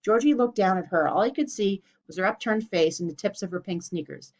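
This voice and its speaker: A woman reading a children's storybook aloud in a clear, steady way. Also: mid-range voice, a little fast. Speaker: narrator. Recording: dull lo-fi recording.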